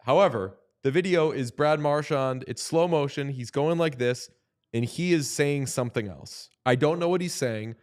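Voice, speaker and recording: A man's voice: medium pitch, normal speed, a little mellow. A man co-hosting a hockey watchalong, blunt and skeptical, swearing casually as he picks apart a clip. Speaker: podcast co-host.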